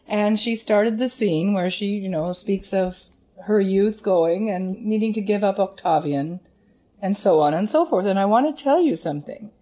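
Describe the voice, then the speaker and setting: An older woman, a former opera singer, telling animated stories about her teacher in an interview. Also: medium pitch. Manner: animated storyteller with vivid quoted impressions. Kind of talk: reminiscing interview.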